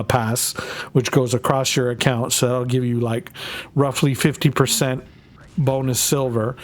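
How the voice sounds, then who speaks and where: Male streamer, medium pitch, casual and rambling, swears freely while he games. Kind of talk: casual live-stream chat while gaming.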